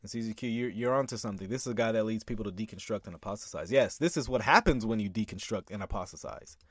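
A man's voice: lowish voice, quick pace, breathy edge, dry recording, clean studio sound. A man commentating on a sermon clip, reading scripture and arguing back with emphatic repeats and laughter.

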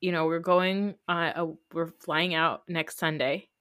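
A woman's voice: fairly low pitch, fairly even intonation, a little slow, fairly bright tone, no echo, studio quality. A woman in her thirties with a New Jersey accent, hosting a podcast in casual, rambling chat full of fillers. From United States. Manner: rambling, chatty, many fillers. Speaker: podcast host.

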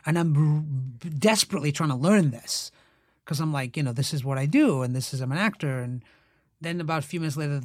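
Animated man telling a story in a dry room. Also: on the high side, a little fast, no room sound. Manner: animated, acts out quoted voices, many fillers. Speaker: guest, actor. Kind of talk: casual interview storytelling.

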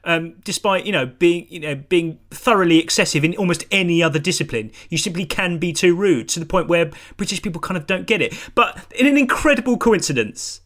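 Man, podcast host, high pitch, enthusiastic, playful. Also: lively intonation, a little fast, hardly any pauses, a bit bright. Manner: enthusiastic, playful, teasing questions. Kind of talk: casual chat.

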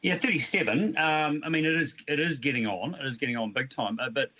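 A man co-hosting a sports radio show in a relaxed, joking way, rambling a little as he goes. His voice is bright and forward, with a sharp, clear edge. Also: on the high side, fairly quick. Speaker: radio co-host. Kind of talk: casual radio sports chat.

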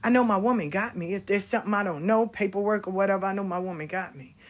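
A middle-aged woman with a husky, slightly breathy voice, talking casually about her past. She is blunt and animated and swears without a second thought. Her pitch sits in an ordinary middle range. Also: fast talker. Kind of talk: casual storytelling.

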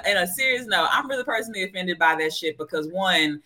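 Blunt Southern woman with a bright voice. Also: lowish voice, lively intonation, quick pace. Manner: blunt, profane, drawling and joking. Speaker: panelist, epidemiologist. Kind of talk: casual panel chat.

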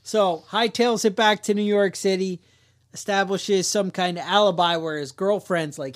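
Jokey high-voiced guy telling a crime story. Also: steady tone, normal speed. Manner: jokey, rambling, acts out quotes. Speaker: podcast host. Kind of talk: casual true-crime storytelling.

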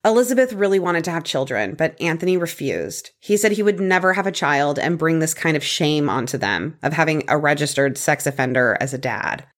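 Woman, low-pitched, casual podcast storyteller, chatty with fillers, laughs easily. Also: lively intonation, fairly quick, hardly any pauses. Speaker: podcast co-host telling a true crime story. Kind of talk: casual chat reading prepared notes.

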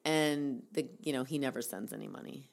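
A woman's voice: a bass voice, brisk, creaky. A woman casually recounting a story to a co-host, rambling with many fillers and restarts. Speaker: podcast co-host telling a story.

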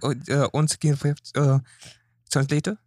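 A man puts on a bumbling French president who stumbles through broken English and drops in French words. He sounds close and dry, with a middling pitch. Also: flat delivery, moderate pace, darkish tone, no echo, lightly acted. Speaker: improv comedian.

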